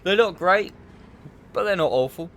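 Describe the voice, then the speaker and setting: A man giving relaxed, rambling commentary over his own gameplay, often restarting his sentences. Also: sits high, normal speed, slight background noise. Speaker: gaming YouTuber.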